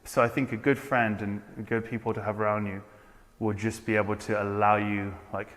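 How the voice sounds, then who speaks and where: A man's voice: on the low side, level tone, moderate pace, fairly bright tone. Earnest rambling man, echoey room. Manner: earnest, rambling, frequent restarts. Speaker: podcast conversation partner. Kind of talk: casual podcast conversation.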